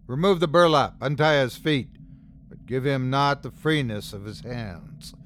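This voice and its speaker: A man voicing a commanding cult leader in a horror story, speaking in a frigid, gruff monotone. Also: mid-range voice, unhurried, a little hiss or hum, natural voice. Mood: cold commanding.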